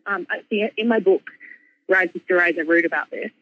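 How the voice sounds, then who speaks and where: A woman author and speaker telling a personal story in casual conversation, animated, with lots of fillers and laughs. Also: medium pitch, brisk, phone-quality sound.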